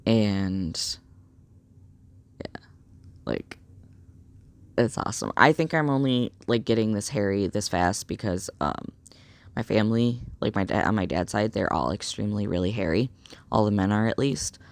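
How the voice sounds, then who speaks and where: Young guy vlogging, gravelly fry in his voice, rambles w lots of likes and ums, dry close sound. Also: on the low side, normal speed, pauses often, dry recording. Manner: rambling, full of "like" and "um", excitable. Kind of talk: casual storytelling vlog.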